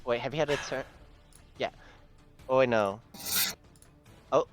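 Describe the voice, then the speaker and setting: A man playing in a tabletop game, joking and excitable in casual chat. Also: medium pitch, measured pace, soft background music. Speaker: player.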